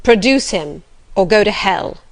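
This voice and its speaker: A woman doing a stern brooding gentleman. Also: expressive, measured pace, creaky. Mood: curt. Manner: curt, commanding, low muttering. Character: stern brooding male gentleman, commanding, proud.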